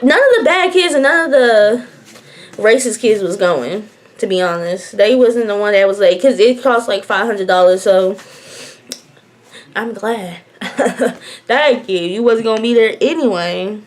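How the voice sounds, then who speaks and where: Young woman, casual storytime chat, blunt and animated, slightly high voice. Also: unhurried. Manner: animated, blunt, laughs often. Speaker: vlogger.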